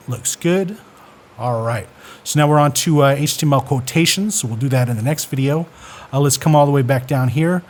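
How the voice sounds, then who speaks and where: A man's voice: mid-range voice, darkish tone, a little hiss or hum. A man hosting a casual screen-recorded coding lesson, thinking aloud with fillers and self-corrections as he works. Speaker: coding tutorial host.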